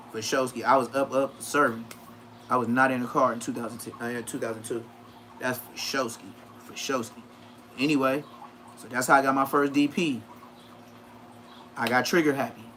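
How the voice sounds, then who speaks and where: On a casual livestream, a man in his 30s with a medium-pitched voice tells profane stories in an animated way. He acts out what people said in a raised voice, and there's slight background noise.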